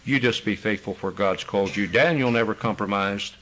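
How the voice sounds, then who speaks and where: An older man preaching a sermon, forcefully retelling conversations as a pastor. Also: fairly quick, rough recording. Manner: forceful preaching, retells phone calls with raised pitch.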